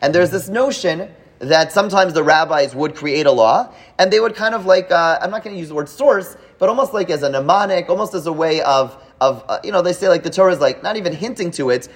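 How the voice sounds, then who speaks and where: A man with a somewhat high voice leads a live class, talking it through in a loose, explanatory way. He restarts often and keeps checking in with his students. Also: expressive, fairly quick, breathy edge. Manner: explanatory, many fillers and restarts, asks rhetorical checks. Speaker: teacher leading a Talmud class.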